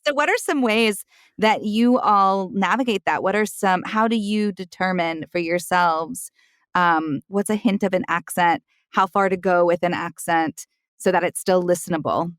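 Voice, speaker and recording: A woman's voice: fairly low pitch, normal speed, no room sound. Dry, close-miked woman hosting a roundtable. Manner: thoughtful, drawing guests out with questions. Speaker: podcast host. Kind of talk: casual roundtable discussion.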